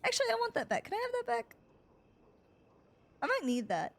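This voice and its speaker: Young woman streamer, very high voice, excitable and swearing. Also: a little fast. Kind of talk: live-streamed game roleplay chat.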